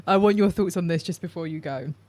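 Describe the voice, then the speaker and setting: A woman hosting a podcast, chatting warmly with her guest and calling him darling. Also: on the low side, quick pace, no echo. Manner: affectionate, calls guest darling. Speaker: podcast host. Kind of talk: casual chat.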